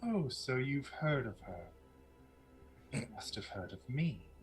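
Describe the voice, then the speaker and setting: A man voicing a scarred former queen who speaks in a soft, slow, menacing hush. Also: mid-range voice, sing-song, faint music behind, poor audio.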